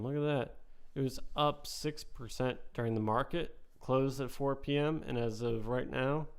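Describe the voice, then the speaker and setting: A man with a slightly hoarse voice, loosely thinking aloud as he hosts a casual stock market commentary. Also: mid-range voice. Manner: thinking aloud while reading charts, loose and offhand. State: slightly hoarse, losing his voice. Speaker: host.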